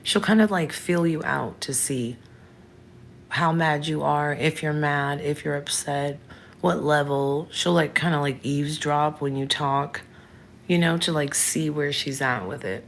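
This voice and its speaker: A woman's voice: low voice, a little slow, gravelly, a little hiss or hum. A woman in her thirties hosting a casual livestream, chatting frankly and answering viewers by name. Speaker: livestream host.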